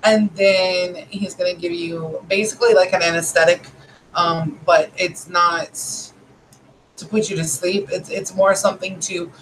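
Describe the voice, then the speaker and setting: A woman's voice: fairly low pitch, fairly even intonation, measured pace, slight background noise, poor audio. A woman in her thirties casually telling a story, rambling and retelling a conversation with lots of "he goes". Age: 30s.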